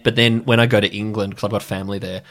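A man from Sydney with an Australian accent, chatting casually in a relaxed, hedging way full of fillers. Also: on the low side, very fast. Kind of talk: casual chat.

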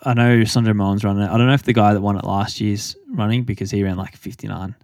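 A man's voice: lowish voice, fairly even intonation, fast talker, a little mellow, no echo, studio quality. A man chatting casually as a podcast co-host, rambling with lots of fillers. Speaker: podcast co-host, elite runner. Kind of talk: casual chat.

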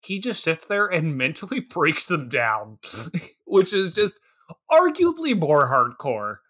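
A man co-hosting a casual movie podcast, animated and quick to laugh, talking with lots of filler words. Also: a little high. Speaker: podcast co-host. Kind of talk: casual movie review chat.

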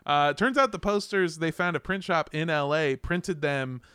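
A man's voice: on the high side, moderate pace, pushed and bright, clean tone, dry recording, studio quality. Laughing, rambling young man telling stories. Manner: rambling storyteller, laughs often, swears casually. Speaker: podcast guest. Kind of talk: casual chat.

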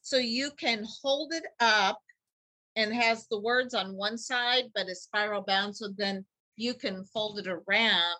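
A woman with a bright, forward voice talks through her favorite picture books for young kids. She reads passages with a storyteller's lilt and explains why children would enjoy each one. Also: mid-range voice, unhurried, poor audio. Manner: lively storyteller reading picture books aloud. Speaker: teacher committee member recommending books. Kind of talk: podcast book talk with read-aloud passages.

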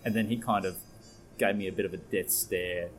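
A man's voice: deep voice, steady tone, fairly quick, a little hiss or hum, low-quality recording. A man co-hosting a podcast, chatting casually and joking about drinks while recorded in a restaurant bar. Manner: jokey, rambling, swears casually. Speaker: podcast co-host. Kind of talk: casual chat.

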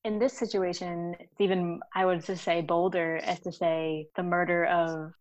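Low-voiced woman on a dull lo-fi recording. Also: flat delivery, moderate pace. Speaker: podcast co-host. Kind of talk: casual chat. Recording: dull lo-fi sound.

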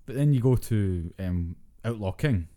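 A man's voice: on the low side, expressive, a little slow, mellow. A Scottish man co-hosting a podcast, chatting casually and swearing bluntly. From Scotland. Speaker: podcast co-host. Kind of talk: casual chat.

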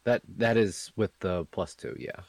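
Brief: male player, low voice, dry sound, halting and casual. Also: creaky, darkish tone, no echo. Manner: hesitant, halting, many fillers. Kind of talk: casual tabletop game play.

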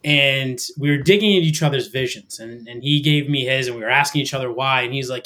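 A middle-aged man talking as a podcast guest, energetic and emphatic, with a motivational push in his talk. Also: mid-range voice, fast talker, few pauses. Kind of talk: casual podcast conversation.

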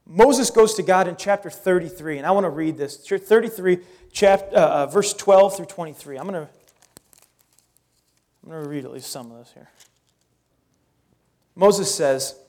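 High-voiced pastor telling a lively sermon. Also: male voice, moderate pace, long pauses. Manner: animated storytelling, casual asides.

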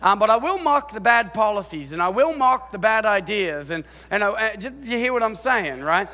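A man preaching in a bright, high voice that rings through a reverberant hall. He talks in a chatty, animated way, with restarts and playful acted-out lines. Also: normal speed. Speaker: pastor. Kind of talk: sermon.

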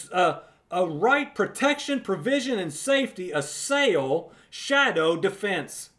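A man's voice: sits high, a bit bright. A man giving a recorded Bible teaching, emphatic and conversational, repeating words for emphasis and calling the listener friend.

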